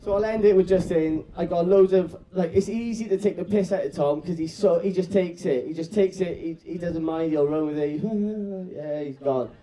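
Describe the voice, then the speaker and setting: A man's voice: high-pitched, moderate pace, few pauses, mellow, slight background noise, rough recording. A young man giving a rambling, cheeky best man speech at a wedding party at night, joking and swearing. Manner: rambling, cheeky, swearing, laughing at his own jokes. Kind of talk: casual, jokey wedding toast.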